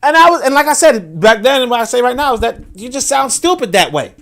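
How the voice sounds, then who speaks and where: High-voiced Brooklyn man, emphatic livestream host. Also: very animated, quick pace, creaky, fairly bright tone. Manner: emphatic, repeats words when building a point; reads viewer comments aloud. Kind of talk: casual livestream commentary.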